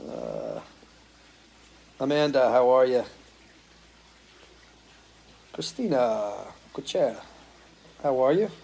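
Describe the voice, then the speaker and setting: Middle-aged Northeastern man, musician host, casual live-stream chat, mid pitch, voice a touch worn from singing. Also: slow pace, gravelly, pauses often, husky. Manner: relaxed, greets viewers by name one after another. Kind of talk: casual chat greeting viewers. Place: porch at home.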